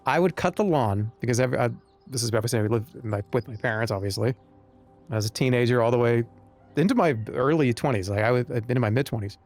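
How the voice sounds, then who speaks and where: A man's voice: medium pitch, fast, darkish tone, soft background music. A man streaming a game live, chatting to viewers in a joking, rambling way. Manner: joking, rambling, talks to chat. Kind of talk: live-stream gameplay commentary.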